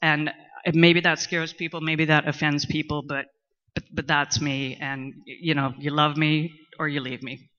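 A middle-aged woman, speaking candidly in a personal testimony at a recovery meeting, talkative and at times loud and boisterous. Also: low voice, level tone, measured pace. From Canada. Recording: muffled lo-fi recording.

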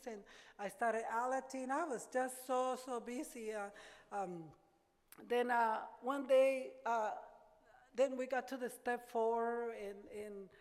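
An older woman giving an earnest, halting personal testimony at a recovery meeting, often repeating words as she gathers her thoughts. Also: on the high side. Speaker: speaker sharing her recovery story. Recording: reverberant hall.

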